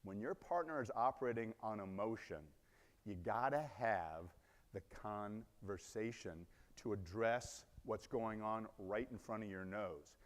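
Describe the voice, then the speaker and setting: A man's voice: lowish voice, unhurried. A man giving a conference keynote, telling a story animatedly, acting out the scenes and asking the audience questions. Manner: animated, acts out scenes, asks the crowd questions. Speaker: conference speaker. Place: large conference hall. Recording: long reverb in a large hall.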